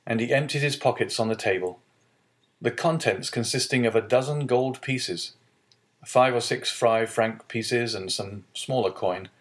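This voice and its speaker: A man narrating a classic novel in a steady, measured reading voice. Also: medium pitch. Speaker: audiobook narrator. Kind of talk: scripted narration.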